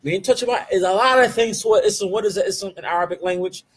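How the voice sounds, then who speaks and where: A man teaching an online Arabic grammar class. He asks the class questions and answers them himself, drills key terms slowly and mixes Arabic terms into his English. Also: high voice, slightly rough. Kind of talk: live online class lecture.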